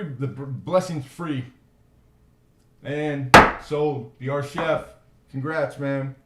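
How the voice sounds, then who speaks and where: Male auction host, casual rambling chatter, mid pitch, roomy echo. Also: fairly even intonation, takes it slowly, heavy background noise. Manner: chatty, rambling storyteller between bids. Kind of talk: casual live-stream auction chat. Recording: echoey room.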